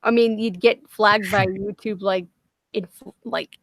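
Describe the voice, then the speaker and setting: A woman's voice: medium pitch, fairly even intonation, a little slow, no room sound. A woman hosting a casual livestream, talking bluntly with lots of swearing and frequent laughter. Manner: blunt, profane, laughs often. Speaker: livestream host.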